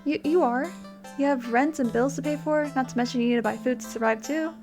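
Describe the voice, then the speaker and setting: A woman's voice: high-pitched, a little fast, over music. A young woman playing a video game, reading its narration aloud dramatically and chatting in between with hesitant fillers. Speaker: game streamer. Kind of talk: let's play, reading game text aloud.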